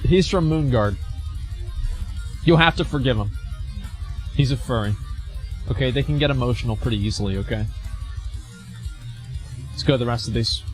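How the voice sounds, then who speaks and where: A man's voice: a little high, fairly bright tone. A man streaming as he reads forum posts aloud and reacts to them, blunt, mocking and profane.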